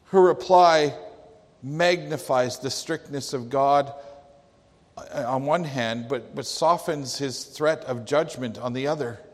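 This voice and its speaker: A man's voice: medium pitch, takes it slowly. A male pastor preaching a sermon with emphatic delivery, quoting scripture. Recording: long hall reverb.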